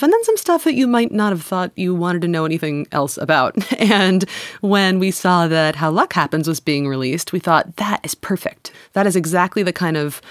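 A woman's voice: fairly low pitch, no room sound, studio quality. A woman co-hosting a podcast, talking in an upbeat, reflective way. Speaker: podcast co-host. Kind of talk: casual podcast chat.

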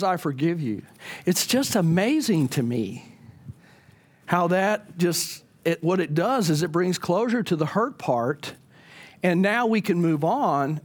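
A man, a pastor, leading a church Bible class in a conversational way, often putting questions to the group. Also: sits high.

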